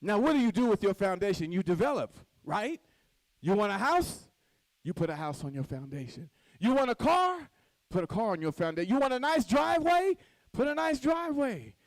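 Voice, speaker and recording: A woman's voice: medium pitch, sing-song, normal speed, dry recording, low-quality recording. A woman giving a motivational speech from a podium at a conference, acting out little scenes and quizzing the audience. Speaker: conference speaker. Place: stage at a podium.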